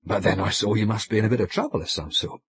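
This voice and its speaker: A man's voice: lowish voice, fast talker, fairly bright tone, breathy edge, no room sound, pitched above the performer's own voice, full character voice. A man voicing a simple, bluff young sailor who talks in fumbling, colloquial bursts in an audiobook. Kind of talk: audiobook character voice.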